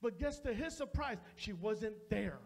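A man's voice: high-pitched, expressive, a little slow, creaky. A male pastor preaching a sermon in a church, speaking straight to the congregation in a repetitive preaching cadence. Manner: addresses the congregation directly. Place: church sanctuary.

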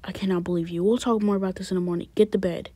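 A woman voicing a stern, worried father who scolds his teenage son in hushed late-night whispers, in a one-person family skit. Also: mid-range voice, steady tone, very fast, a little hiss or hum, lightly acted. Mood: scolding.

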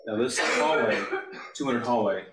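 A man questioning a witness in a courtroom, with measured, methodical questions. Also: mid-range voice. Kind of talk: courtroom examination. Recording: roomy courtroom audio, distant mic, faint hiss.

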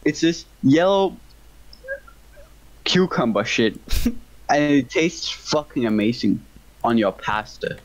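A young man from Denmark with a Danish accent, chatting and laughing excitably while playing a co-op game with a friend. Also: medium pitch, slow, pauses often, dull audio. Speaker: gamer playing co-op. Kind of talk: casual gaming chat.

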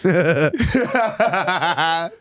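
A man's voice: high-pitched, extremely slow, no room sound. A middle-aged man hosting a casual comedy chat, telling stories with lots of laughter and acted-out quotes. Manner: animated storyteller, laughs often, acts out quotes. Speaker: podcast host.

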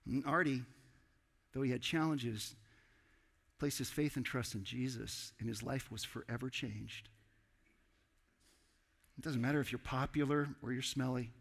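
A man preaching a sermon as pastor, animated and acting out dialogue with sudden loud outbursts. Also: mid-range voice, a little slow, creaky, pauses often. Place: church sanctuary. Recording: church hall with long reverb.

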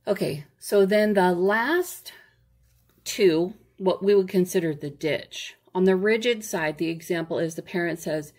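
Woman, low husky gravelly voice, casual workbook walkthrough, conversational, frequent "okay?". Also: measured pace, a little mellow. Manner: conversational, checks in with "okay?", self-correcting. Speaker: parenting workbook presenter.

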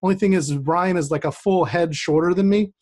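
Storyteller, man, slightly high voice, loose conversational delivery with restarts. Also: a little fast, a little mellow. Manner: conversational, self-deprecating, with many restarts. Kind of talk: personal storytelling on a streamed show. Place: remote setup with a rained-on playground backdrop.

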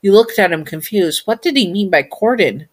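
A woman's voice: medium pitch, lively intonation, normal speed, husky. A chatty woman reading a fan story aloud, casual and playful, often talking to herself. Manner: chatty, giggly, talks to herself.

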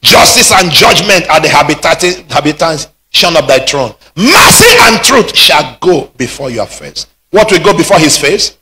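A man preaching a sermon, rising into shouted peaks. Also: a little high, very animated, moderate pace, few pauses, slight background noise. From Nigeria. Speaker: pastor.

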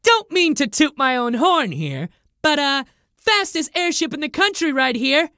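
A woman's voice: high-pitched, big pitch swings, a little slow, sharp tone, no echo, clean studio sound, full character voice. A woman voicing a boastful, showy airship owner who talks in a grand, theatrical way, in a video game. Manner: theatrical, self-promoting, grand.

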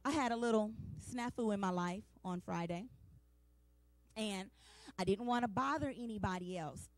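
A woman's voice: mid-range voice, a little mellow, no room sound. A woman in her forties preaching a sermon, passionate and emphatic, with repeated refrains and a plain, down-to-earth way of talking straight to the congregation. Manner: colloquial, talks straight to the congregation. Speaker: women's day speaker.

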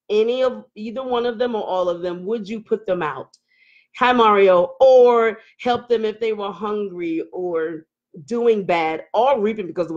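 A woman's voice: medium pitch, muffled recording. A middle-aged woman, hosting a casual live stream, reading viewer comments, laughing and talking with emotional outbursts. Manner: animated, laughing, emotional outbursts, Southern Black vernacular phrasing.

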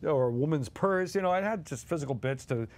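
Animated man telling stories. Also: a little high, brisk. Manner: animated, chuckles while telling stories, acts out voices. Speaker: guest co-host. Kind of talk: anecdotal storytelling on a podcast.

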